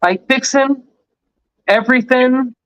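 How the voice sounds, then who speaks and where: A woman's voice: high voice, takes it slowly, a bit bright, dry recording, poor audio. A woman from Texas with a Texan accent, chatting casually in a folksy, drawling way. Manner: drawling, folksy, says y'all. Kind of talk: casual chat.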